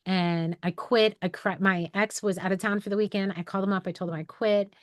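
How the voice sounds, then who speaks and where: A woman's voice: medium pitch, fairly even intonation, fairly quick, no echo. Brief: woman, 40s, from New York, candid rambling talker, dry close sound. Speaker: photographer and educator hosting a live call. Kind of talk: casual personal storytelling to an online group.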